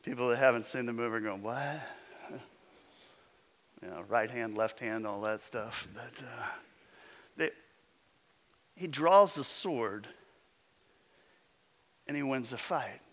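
A man preaching a sermon as pastor, emphatic, with his voice often dropping low and intense. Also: slow, pauses often, fairly bright tone.

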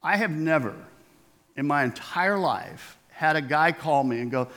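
A man's voice: a little high, lively intonation, measured pace, fairly bright tone. A middle-aged man preaching a sermon in a conversational way, asking the congregation questions and acting out quoted voices. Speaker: pastor.

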